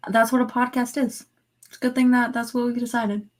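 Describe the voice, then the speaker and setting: A woman co-hosting a casual podcast chat, talkative and quick to laugh while telling stories. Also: on the high side, little pitch movement. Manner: chatty, laughs easily, tells stories. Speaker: podcast co-host.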